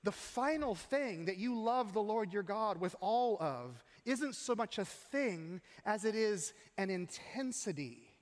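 A middle-aged man preaching a sermon in a church, talking in a conversational, animated way and often asking the congregation questions. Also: sits high. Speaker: pastor. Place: church sanctuary. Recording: long hall reverb.

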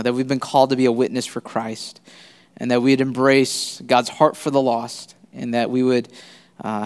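A man giving a sermon as a visiting pastor in a church, speaking haltingly with many fillers and restarts. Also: fairly high pitch, clean tone, big-room sound. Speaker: guest pastor. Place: church sanctuary.

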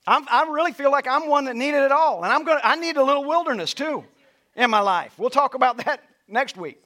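A man pastor preaching a sermon, leading the congregation in call-and-response and at times shouting. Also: very high-pitched, expressive, a little fast. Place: church sanctuary.

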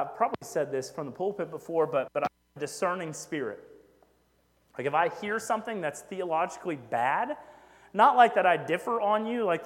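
A man preaching a sermon in a conversational way, with frequent "right?" asides and self-deprecating humor. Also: sits high. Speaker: pastor. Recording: echoey hall with long reverb.

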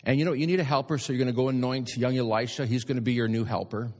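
A preacher voicing a calm, soothing divine voice. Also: male voice, mid-range voice, lightly acted. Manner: soft, soothing, unhurried. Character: calm, reassuring divine voice, male. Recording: long hall reverb.

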